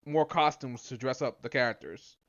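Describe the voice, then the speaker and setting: A man's voice: mid-range voice, moderate pace, fairly bright tone. A man hosting a casual gaming podcast, teasing and laughing a lot. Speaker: podcast host. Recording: dull lo-fi mic.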